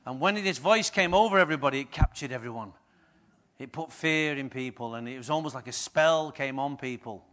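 A middle-aged man preaching a sermon as pastor, telling stories lively and swinging from hushed asides to loud bursts. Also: mid-range voice, a little fast.

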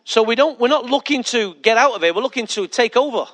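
A man's voice: very high voice, expressive, fast, a bit bright. A male pastor preaching a sermon emphatically, repeating key lines and putting questions to the congregation.

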